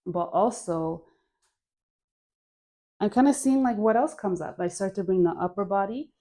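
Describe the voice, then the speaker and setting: A woman's voice: mid-range voice, lively intonation, normal speed, warm tone. A young woman leading a home dance workout, talking the viewer through moves in a chatty, encouraging way, with sighs of effort between cues. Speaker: dance instructor. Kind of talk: guided dance class.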